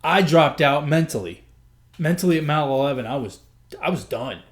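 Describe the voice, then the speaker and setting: A man's voice: fairly high pitch, lively intonation, brisk. A man hosting a podcast, telling a personal story in an earnest, emotional way, often repeating himself. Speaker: podcast host.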